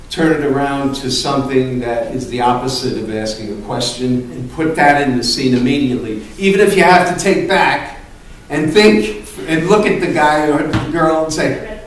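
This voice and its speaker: A man coaching an improv acting class, animated and punchy, often cursing and punctuating points with "boom". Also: moderate pace, slight background noise. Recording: echoey room from far off, faint ambience.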